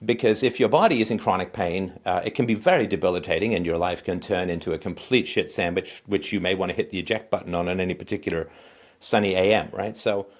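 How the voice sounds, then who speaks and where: A man hosting a call-in show, talking in an animated, conversational way. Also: low voice, fast. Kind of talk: call-in talk.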